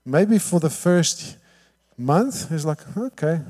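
A man preaching a sermon, telling the story lively, acting out the quotes and often asking "all right?". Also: fairly high pitch, slow pace. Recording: long hall reverb.

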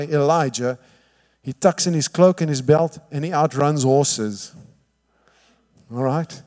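A man preaching a sermon, telling the story lively, acting out the quotes and often asking "all right?". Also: mid-range voice. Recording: long hall reverb.

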